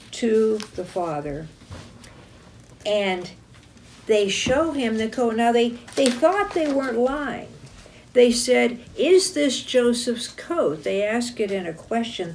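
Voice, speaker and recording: A woman leads a children's chapel lesson and acts out a Bible story with a map and figures. She speaks slowly and expressively and corrects herself now and then. A faint hiss sits behind her. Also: mid-range voice. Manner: deliberate, expressive, self-correcting. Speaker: chapel teacher.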